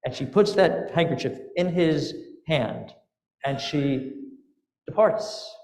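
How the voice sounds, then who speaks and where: A male rabbi telling a fable in his sermon, in a casual, animated way. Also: fairly high pitch, slow pace. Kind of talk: storytelling sermon. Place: synagogue sanctuary. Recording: echoey sanctuary with long reverb.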